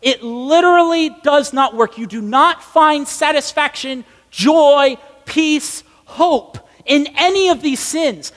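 A young man in his twenties preaching in a casual storytelling style, animated, emphatic and self-mocking. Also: extremely high pitch, takes it slowly, few pauses. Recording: long echoey hall reverb.

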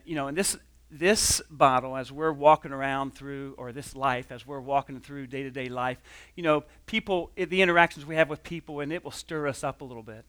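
A man's voice: mid-range voice, sharp tone, dry recording. A man giving a conversational sermon as a pastor, telling a personal story with frequent restarts and quoted dialogue.

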